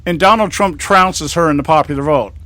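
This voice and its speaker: A man's voice: fairly high pitch, brisk, no echo. A man in casual political chat, animatedly telling stories and acting out the conversations he quotes, often laughing at his own jokes. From California. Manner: animated storytelling, acts out quoted exchanges.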